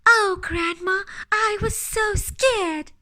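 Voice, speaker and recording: A woman voicing a frightened little girl in a storybook reading, high and timid. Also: slow pace, sharp tone, full character voice. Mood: tearful.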